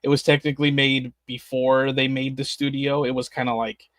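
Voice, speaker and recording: A man's voice: medium pitch, flat delivery, moderate pace, fairly bright tone, no room sound. A man whose first language is Spanish, co-hosting a fan livestream in casual chat, rambling with many restarts and fillers.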